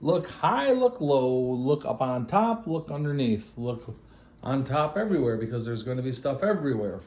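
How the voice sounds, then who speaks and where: A man giving a playful, self-mocking walk-through of a house set up for an estate sale, breaking into excited exclamations. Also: mid-range voice, moderate pace. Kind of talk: walk-through tour narration.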